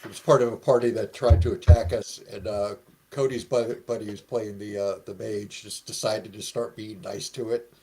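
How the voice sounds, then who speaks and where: A man's voice: fairly low pitch, fairly even intonation, moderate pace, a little mellow. A man telling tabletop game anecdotes in amused casual chat. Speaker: tabletop gamer.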